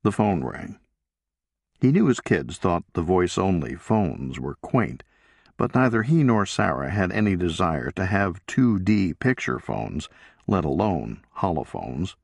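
Man narrating an audiobook, low raspy voice, slow and measured, dry close mic. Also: very animated, darkish tone, no echo. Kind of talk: scripted narration.

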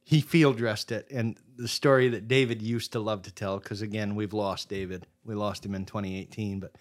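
Podcast guest, man from Maine, lively storyteller. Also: fairly low pitch, moderate pace. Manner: animated storyteller, swings loud and soft. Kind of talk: casual storytelling.

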